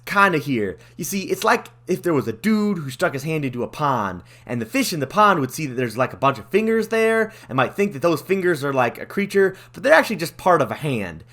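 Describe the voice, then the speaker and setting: A man's voice: on the high side, big pitch swings, a little fast, few pauses, a bit bright, pitched above the performer's own voice. A man doing a slangy, laid-back ancient dragon. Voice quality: casual surfer-style slang.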